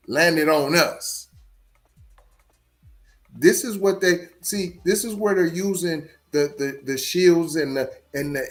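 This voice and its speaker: A fairly high-voiced man hosts a live-stream podcast. His pitch leaps wildly as he rants, stuttering and repeating words. He talks slowly, and faint music plays underneath. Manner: animated, repeats words, swings between loud outbursts and low asides. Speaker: podcast host. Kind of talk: live-stream commentary, reading chat.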